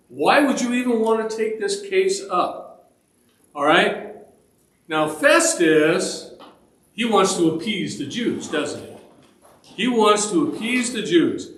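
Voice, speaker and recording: Slow-talking, high-voiced Bible study teacher. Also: male voice, a bit bright, echoey room, poor audio. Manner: asks the group questions, checks in with "all right?"; conversational, with restarts and fillers. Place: church meeting room.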